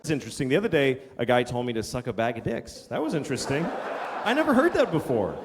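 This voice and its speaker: A man's voice: mid-range voice, very animated, quick pace. A man performing a stand-up comedy set, telling stories in a conversational, profane and self-mocking way. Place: comedy venue with a live audience. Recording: live hall recording with room noise.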